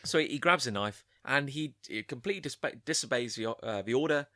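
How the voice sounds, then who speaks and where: Lively, rambling man. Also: mid-range voice, fairly quick, no echo, studio quality. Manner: rambling, self-correcting, animated recaps. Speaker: podcast co-host. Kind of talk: casual chat reviewing an anime episode.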